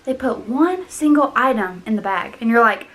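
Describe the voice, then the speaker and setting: A woman's voice: on the high side, normal speed. A young woman vlogging, chatting casually and acting out other people in quotes. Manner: animated, mimics people in quotes. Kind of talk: casual chat.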